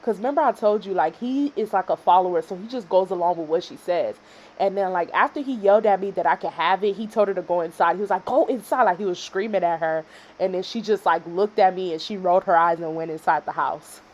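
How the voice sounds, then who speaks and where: A woman in her twenties from Houston, Texas, telling a casual storytime vlog in a dramatic way that swings from loud reenactment to quiet asides. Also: fairly low pitch, quick pace. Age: 20s. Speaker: storytime vlogger.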